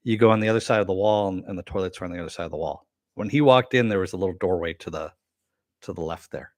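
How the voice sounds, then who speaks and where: A middle-aged man hosting a live-stream review, chatting casually and answering viewer comments with many fillers and pauses. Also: low-pitched, dry recording. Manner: rambling, with frequent fillers and throat clearing.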